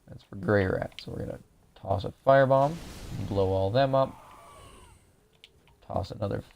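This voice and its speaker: A man's voice: fairly low pitch, normal speed, creaky, a little mellow, dull audio, a little hiss or hum. A young man casually talking viewers through a game walkthrough, explaining each step as he plays, his voice a little dry. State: voice drying out. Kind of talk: casual gameplay commentary.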